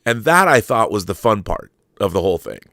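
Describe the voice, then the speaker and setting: A man's voice: on the low side, sing-song, fairly quick, fairly bright tone, dry recording, studio quality. A middle-aged man hosting his show, telling a story in a casual, rambling way, interrupting himself and sounding amused. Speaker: show host.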